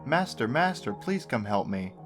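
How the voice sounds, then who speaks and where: A man's voice: mid-range voice, very animated, moderate pace, music in the background, lightly acted. A man voicing a cheerful, sinister male apple puppet in a sing-song, falsely cheerful way.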